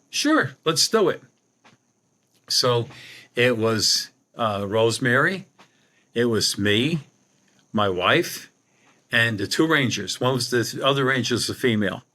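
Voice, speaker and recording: A middle-aged paranormal investigator and medium spins a long tale in a podcast interview, voicing the dialogue himself. His voice sits in the mid range and has a sharp tone.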